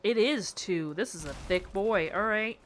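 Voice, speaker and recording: In a mid-range voice at a measured pace, a young live streamer builds in a game and chats casually with her chat. She's playful yet exasperated, laughing a lot as she responds, with slight background noise behind her.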